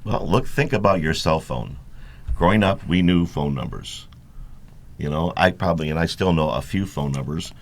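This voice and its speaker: Man, very low voice, incredulous, casual chat. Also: expressive, moderate pace. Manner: incredulous, musing. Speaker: show regular.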